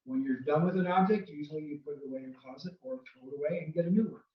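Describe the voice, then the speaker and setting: A man's voice: fairly high pitch, very fast, echoey room, far from the mic, muffled recording. A man giving earnest, casual marriage advice from home, often checking in with "okay?". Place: home room near a window.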